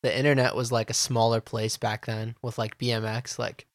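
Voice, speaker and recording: A man hosts a podcast in a relaxed, casual way, his phrasing loose and full of fillers. His voice sits mid-range and sounds dry and close. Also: mid-range voice, normal speed, no room sound. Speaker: podcast host. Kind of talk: casual chat.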